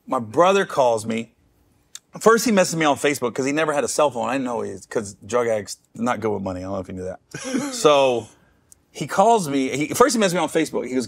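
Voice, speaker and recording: A man's voice: medium pitch, animated, fast, gravelly. Middle-aged man telling a story in rambling fashion. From Cincinnati, Ohio. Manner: rambling, with restarts and self-mocking asides. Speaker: comedian guest. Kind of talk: candid storytelling.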